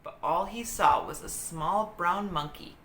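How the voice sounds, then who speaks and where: A woman reading a children's book aloud in an expressive, dramatic storytelling manner. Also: lowish voice, a little slow. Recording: roomy echo with faint hiss.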